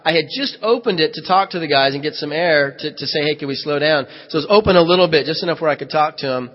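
A man's voice: fairly high pitch, quick pace. Man preaching in an echoey church hall. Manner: vivid first-person storytelling with reenacted dialogue. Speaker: pastor. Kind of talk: sermon storytelling. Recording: echoey hall, dull lo-fi sound.

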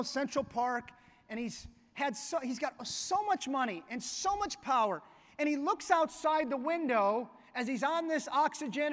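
Male pastor, very high pitch, relaxed storytelling sermon, reverberant sanctuary. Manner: conversational, storytelling preaching. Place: church sanctuary. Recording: long reverb of a church hall.

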